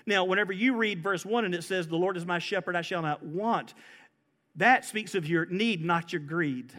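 A man's voice: high-pitched, normal speed, fairly bright tone. A man preaching a sermon, building emphasis as he quotes scripture. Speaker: pastor.

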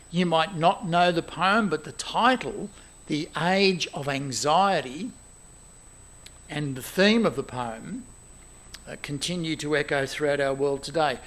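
Aussie guy preaching, fairly high voice, loud bits then hushed asides. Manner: animated, exclaiming, shifts between loud emphasis and quiet asides. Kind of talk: sermon.

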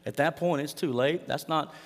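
A man preaching a sermon in a relaxed, conversational way, sometimes acting out lines from the text. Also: on the high side, moderate pace. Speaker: pastor. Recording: long hall reverb.

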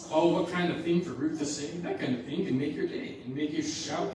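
A man's voice: a little high, a little fast. Brief: male storyteller, singsong rhyme; far from mic, big reverb, noise. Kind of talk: rhyming storybook narration. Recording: echoey hall from far off.

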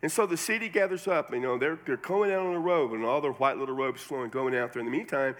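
A man's voice: mid-range voice, fast, a bit bright. A male pastor preaching a sermon in a casual, joking way, with emphatic drops and asides.

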